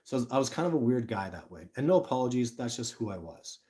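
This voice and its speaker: A middle-aged man hosting a casual livestream, talking to viewers in an energetic, rambling way and often breaking off mid-sentence. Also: mid-range voice, fast. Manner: energetic, rambling, self-interrupting. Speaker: livestream host, Sasquatch researcher. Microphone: phone camera.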